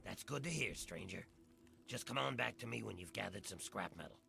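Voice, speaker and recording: Gravelly world-weary ghoul. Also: male voice, on the low side, animated, brisk, pushed and bright, full character voice. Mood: drawling. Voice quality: gravelly, rough voice. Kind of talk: video game dialogue.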